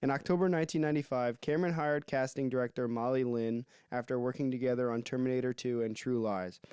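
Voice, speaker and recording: A man's voice: mid-range voice, fairly even intonation, quick pace, a little mellow, clean tone, no room sound, studio quality. A man co-hosting a casual podcast, reading out short notes and giving brief reactions. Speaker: podcast co-host.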